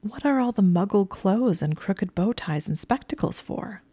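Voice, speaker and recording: A woman's voice: mid-range voice, lively intonation, normal speed, dark tone, husky, dry recording, voice pushed up. A woman voicing a flustered, jealous young witch in a story reading. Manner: flustered, stammering.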